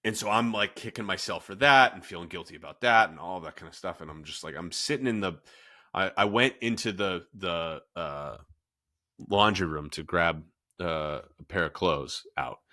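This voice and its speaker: Man in his thirties, podcast host, rambling, self-reflective, fillers, low voice, bright tone. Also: moderate pace. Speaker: podcast host, fitness coach. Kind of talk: candid conversational podcast talk.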